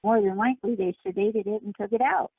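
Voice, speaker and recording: A woman with a gravelly, husky voice tells her story with energy and insistence. She sounds tinny and dry, as if heard down a phone line. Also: mid-range voice, fast, dry recording. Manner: animated storytelling, emphatic. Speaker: guest. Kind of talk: casual phone interview.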